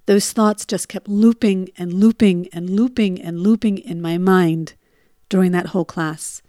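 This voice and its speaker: A woman's voice: on the low side, steady tone, unhurried, warm tone, dry recording. Dry, emotional woman storyteller. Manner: emotional, re-lives her panic in rising bursts. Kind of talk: personal storytelling.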